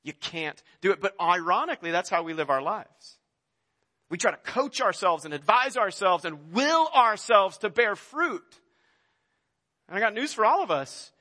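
Male pastor, high voice, conversational sermon delivery with emphatic peaks, reverberant hall. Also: sing-song, normal speed, sharp tone. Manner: conversational preaching, rising to emphatic passages.

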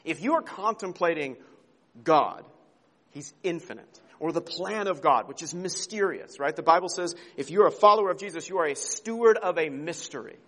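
Male pastor, sermon, slightly high voice, earnest, emphatic, rhetorical questions, long church reverb. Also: fairly bright tone. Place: church sanctuary.

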